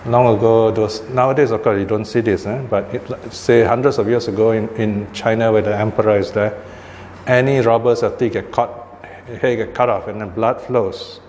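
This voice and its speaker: A man's voice: fairly low pitch, steady tone, moderate pace, a little mellow. A man giving a dharma talk as a Buddhist teacher, explaining patiently and often checking with his listeners. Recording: long hall reverb, faint background noise.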